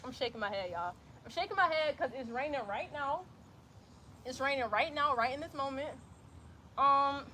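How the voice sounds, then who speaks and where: A woman's voice: high voice, lively intonation, moderate pace, sharp tone, slight background noise. A young woman teaching an outdoor yoga flow, cueing breaths and poses with chatty, slangy asides to her viewers. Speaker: yoga instructor. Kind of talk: guided yoga instruction. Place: outdoors in light rain.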